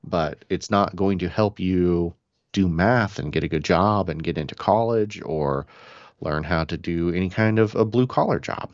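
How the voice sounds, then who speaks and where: A man's voice: sits low, normal speed, dry recording, lo-fi sound. A man co-hosting a podcast who speaks in an earnest, emphatic way in casual chat. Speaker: podcast co-host.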